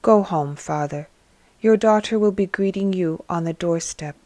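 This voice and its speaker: A woman voicing a compassionate male teacher who speaks gently and firmly to the poor. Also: sits high, no echo, close to an everyday voice. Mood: gentle. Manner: gentle, measured, firm.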